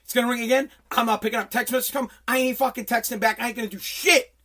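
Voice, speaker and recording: A man's voice: extremely high pitch, fairly even intonation, fast, fairly bright tone. A man hosting a solo podcast, ranting in an angry, profane way with lots of stumbling restarts. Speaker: podcast host.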